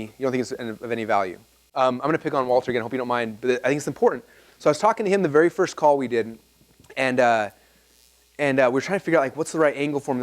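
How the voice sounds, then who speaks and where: A man in his thirties speaks to a seminar audience, voice pitched a little high. He races along, animated and rambling, stacking fillers and restarting sentences as he goes. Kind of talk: live seminar talk to an audience.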